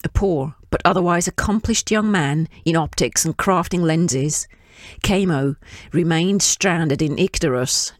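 A woman reading her own fiction aloud in a measured, descriptive way. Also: deep voice, dry recording, clean studio sound.

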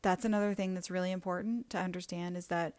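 A woman's voice: on the low side, fairly even intonation, fast talker, darkish tone, dry recording. A woman hosting a solo podcast, speaking in an earnest, reflective way and often stacking words into short lists. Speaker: podcast host.

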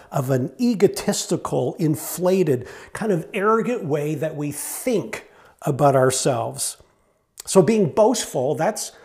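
Earnest, gravelly-voiced male pastor. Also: a little high, warm tone. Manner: earnest, conversational preaching with repetition for emphasis; candid, self-deprecating. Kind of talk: sermon.

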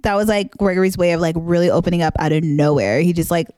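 A woman's voice: fairly low pitch, quick pace, a little mellow, dry recording. A woman co-hosting a casual recap podcast, gushing about an episode and laughing often. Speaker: podcast co-host.

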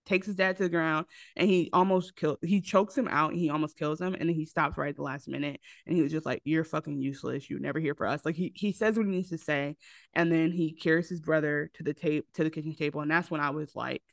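A podcast co-host with a deep voice talks fast in casual chat, recounting movie plots through animated storytelling packed with acted quotes. There's no echo.

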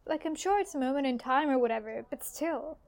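A woman's voice: sits high, animated, brisk, darkish tone. A woman co-hosting a podcast, chatting casually and laughing often. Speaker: podcast co-host. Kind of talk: casual chat.

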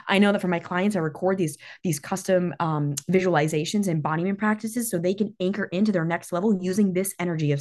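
A woman's voice: lowish voice, darkish tone. Intense woman giving a swearing pep talk. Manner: intense, swearing, emphatic repetition. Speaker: podcast host. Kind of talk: motivational monologue.

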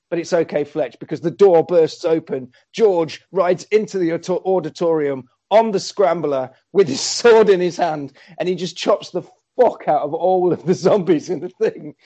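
A man excitedly recapping a horror film in casual chat, acting out the characters' lines. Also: fairly high pitch. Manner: animated storyteller, acts out characters' lines. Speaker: podcast co-host recapping a film. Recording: slightly dull lo-fi recording.

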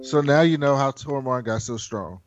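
A man hosting a casual chat, recapping a show in a profane, animated way and acting out the characters' lines. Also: medium pitch, normal speed, dull audio, over music. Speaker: podcast host.

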